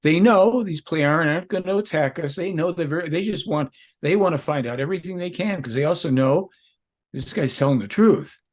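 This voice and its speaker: A man's voice: on the high side, a little fast. An older man speaking as an interview guest, emphatic and rambling, often restarting his sentences. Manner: emphatic, rambling, with self-corrections. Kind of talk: conversational interview.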